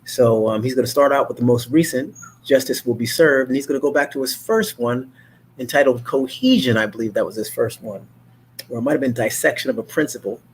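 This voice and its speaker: A man hosts his own talk show with a medium-pitched, fairly quick voice and a little hiss or hum in the audio. His casual monologue rambles, full of fillers and restarts, and he acts out animated quotes by imitating other people's voices.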